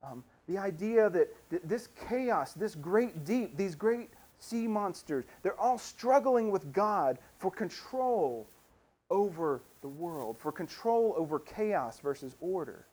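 A preacher delivers a sermon with emphatic, repetitive phrasing. The voice sits in a middle pitch range and moves between forceful outbursts and quiet, hushed lines. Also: expressive, slow. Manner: emphatic, repeats phrases for build-up, swings between loud and hushed.

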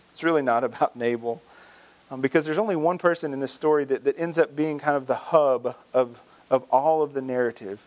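A male pastor preaching a sermon, telling a story and acting out its dialogue, with frequent restarts. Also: on the high side.

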